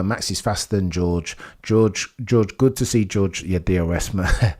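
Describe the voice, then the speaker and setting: Excitable live race streamer. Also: male voice, deep voice, moderate pace, husky. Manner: swings from calm reading of gaps to loud shouting; fan-like, pleading with drivers, chatty with viewers.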